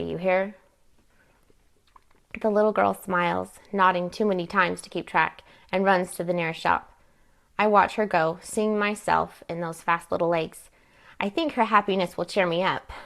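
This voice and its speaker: A woman reading her own novel aloud at a live event, narrating in first person with measured pacing. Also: fairly low pitch, creaky, a bit bright. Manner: measured, plain narration with occasional slips.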